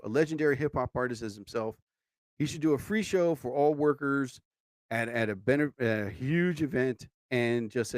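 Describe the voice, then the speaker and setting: A man's voice: a little high, no room sound. A man hosting his own live broadcast, talking in a rambling, casual monologue full of "you know" asides.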